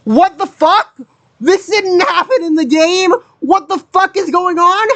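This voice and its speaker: An anime reaction host giving casual commentary, swearing constantly and rambling in incredulous outbursts. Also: very high-pitched. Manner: excited, rapid rambling. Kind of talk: casual reaction commentary, reading subtitles aloud.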